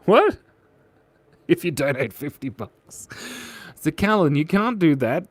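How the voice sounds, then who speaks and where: A man's voice: fairly high pitch, sing-song, takes it slowly, no room sound. Playful, jokey man drawing on a live stream. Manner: jokey, playful, reads chat aloud. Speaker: livestream artist.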